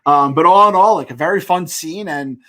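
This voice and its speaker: A man co-hosting a casual podcast, rambling and excitable, swearing often. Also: a little high, fairly quick. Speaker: podcast co-host. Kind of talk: casual chat.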